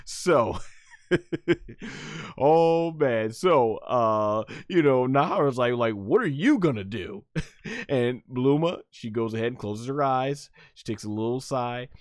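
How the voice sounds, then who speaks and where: A young man streaming a live anime fight breakdown, reading chat, excitable and laughing often. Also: medium pitch, takes it slowly, clear, resonant tone, no room sound, studio quality.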